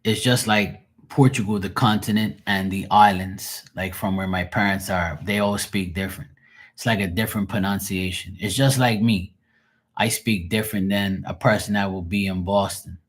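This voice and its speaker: A man's voice: low-pitched, fairly even intonation, moderate pace. A man with a Bermudian accent chatting casually on a livestream as a tarot reader, rambling and swearing freely. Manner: rambling, profane, laughs often. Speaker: live tarot reader and streamer.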